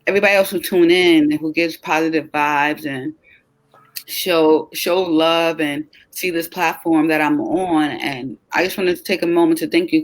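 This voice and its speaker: A woman co-hosting a web talk show, chatting in an upbeat, excitable way with lots of fillers, and a bit tired. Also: low-pitched, rough recording. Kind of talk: casual chat.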